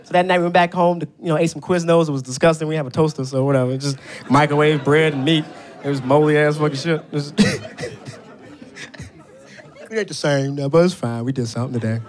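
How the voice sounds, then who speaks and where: Male stand-up comic, high-pitched, animated, live room with audience. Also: fast talker, a faint crowd. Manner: animated, profane, laughing through punchlines. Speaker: stand-up comedian. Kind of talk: stand-up storytelling. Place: live comedy venue with audience.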